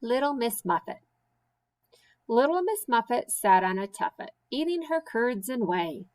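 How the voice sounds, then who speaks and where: A woman teacher reading silly children's poems aloud with slow, sing-song, playful emphasis. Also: on the high side, big pitch swings, darkish tone, rough recording. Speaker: special education teacher.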